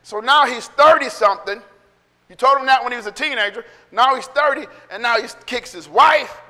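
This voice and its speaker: Give me a high, bright-voiced male pastor preaching. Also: fairly quick, long reverb tail. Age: middle-aged. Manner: conversational preaching with acted-out quotes and laughter. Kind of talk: sermon.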